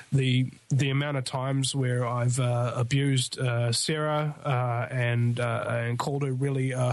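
A male radio host in a casual interview chat, talking in a rambling, animated way with many restarts. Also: medium pitch, no echo.

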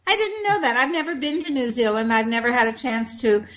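A woman's voice: on the high side, brisk, muffled recording. A woman hosting a casual online talk show, effusive and elaborate in her phrasing. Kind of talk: casual chat.

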